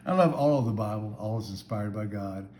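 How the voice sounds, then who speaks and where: A man's voice: fairly low pitch, fairly quick, mellow. A man giving a short devotional Bible talk as a church minister, speaking in an earnest, conversational way. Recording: echoey room with faint background hum.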